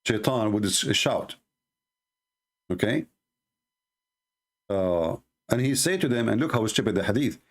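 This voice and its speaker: Speaking with an Arabic accent, his first language being Arabic, a man hosts a live debate show and argues emphatically. He leans on repeated phrases and slows down to stress points, using an expressive, lowish voice.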